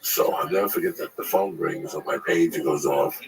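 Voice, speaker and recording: A male comedian telling crude, animated stories in casual chat, acting out the people in them. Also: a bass voice, a little fast, creaky, a loud crowd, low-quality recording.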